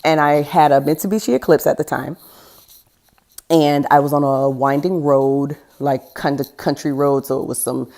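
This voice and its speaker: A woman's voice: sits low, fairly even intonation, moderate pace, mellow. A woman podcast host candidly telling a personal story in a frank, conversational way, with laughs breaking through heavy moments.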